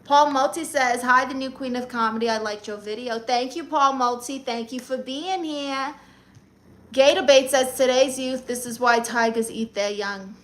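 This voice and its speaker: A woman's voice: high voice, normal speed. A woman from Brooklyn with a New York accent, casually chatting on a live stream and firing sassy comebacks at viewers. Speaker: comedian live-streamer reading chat.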